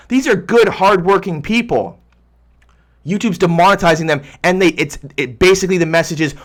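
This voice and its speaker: A young man livestreaming as a YouTuber reads viewer comments in a heated, rambling rant packed with restarts. His voice is high-pitched and fairly bright, with lively intonation and a slightly fast pace.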